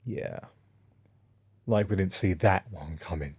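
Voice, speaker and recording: Un hombre con acento inglés que cuenta historias en un vlog, de forma dispersa y con tono de agravio. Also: male voice, low-pitched, takes it slowly, darkish tone, husky. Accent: English. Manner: rambling, aggrieved, restarts often. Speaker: vlogger. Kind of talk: casual spoken monologue, storytelling.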